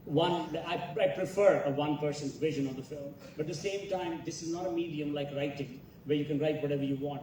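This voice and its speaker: A director telling animated stories at a festival masterclass, quoting other people as he goes. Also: fairly high pitch, background noise. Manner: animated storytelling, quotes others. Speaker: film director. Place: large festival hall. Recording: echoey hall, picked up from far off.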